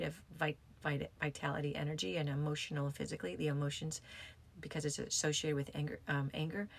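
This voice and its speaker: A woman's voice: low-pitched, a bit bright, breathy edge. A woman yoga teacher talking in a casual, rambling way, with frequent restarts and fillers. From United States. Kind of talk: casual reflective talk.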